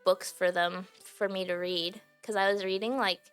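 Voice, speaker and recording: A woman's voice: medium pitch, flat delivery, moderate pace, fairly bright tone, smooth, soft background music. A young adult woman streaming, chatting casually to her viewers, giggly and filling her talk with "like". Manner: chatty and giggly, heavy use of "like" fillers. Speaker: livestreamer.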